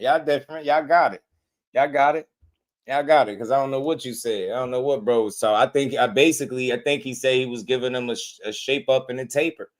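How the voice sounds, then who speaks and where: Guy hosting a boxing show, slangy rambling reaction talk, laughs a lot, average pitch. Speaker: boxing channel host. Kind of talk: casual reaction commentary.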